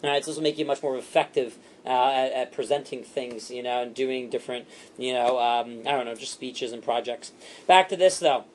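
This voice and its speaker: A man training a sales team, animated and repetitive, acting out what to say to customers. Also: medium pitch, a little hiss or hum. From Italian heritage. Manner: animated, fast and repetitive, acts out customer lines.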